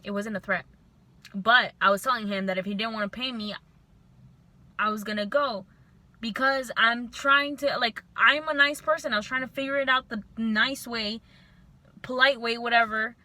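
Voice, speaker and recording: A young woman vlogger telling a storytime to camera, venting in an animated, frustrated way. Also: a little high, normal speed.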